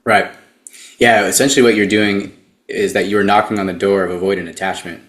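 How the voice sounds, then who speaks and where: A man, a therapist and dating coach, who speaks as an interview guest in a measured way and explains things step by step. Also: fairly low pitch, steady tone, fairly bright tone, echoey room.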